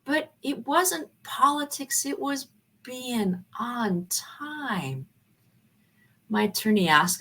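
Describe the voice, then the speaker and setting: A former college professor, a woman, tells her personal story in an animated way, slipping into the voices of the people in it. Her voice is bright and a little high, and her pitch swings widely as she speaks. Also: slow, husky. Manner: animated, acts out dialogue.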